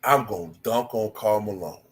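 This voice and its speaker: A man doing an impression of a laid-back male basketball legend, telling a story in a slow, rhythmic cadence. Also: on the low side, close to an everyday voice. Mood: storytelling.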